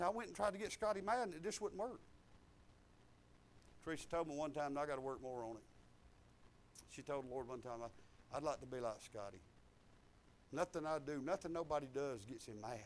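A middle-aged man preaching a testimony sermon, swinging from shouted declarations to low, confiding asides. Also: a little hiss or hum.

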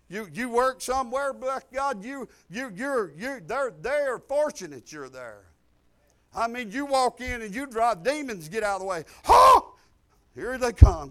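An older man preaching a sermon, folksy and exuberant, breaking into loud outbursts. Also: high voice. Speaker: pastor.

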